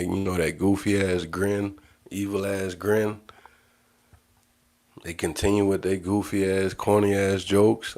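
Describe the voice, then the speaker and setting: A man's voice: low voice, a little mellow. A man hosting his own livestream, talking in a blunt, profane monologue that repeats phrases for emphasis. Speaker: livestream host.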